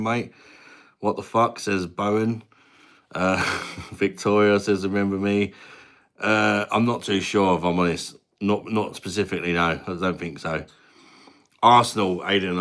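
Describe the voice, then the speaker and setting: A man's voice: deep voice, a bit bright. A man in his thirties from England, hosting a casual live stream at his mum's house and chatting back to viewer comments in a matey way. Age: 30s. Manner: chatty, matey, reads viewer names aloud. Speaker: livestream host.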